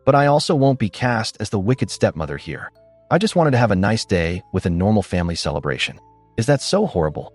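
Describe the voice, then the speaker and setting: A man's voice: fairly low pitch, sing-song, a little fast, no room sound, faint music behind. A man reading as a defensive, resentful stepmother. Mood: angry. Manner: curt, defensive.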